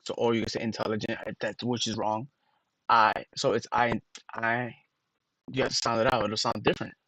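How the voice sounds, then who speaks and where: A man's voice: on the low side, level tone, brisk, sharp tone, no room sound, poor audio. A man on a casual livestream, rambling to his chat and sounding out words letter by letter with emphatic disbelief.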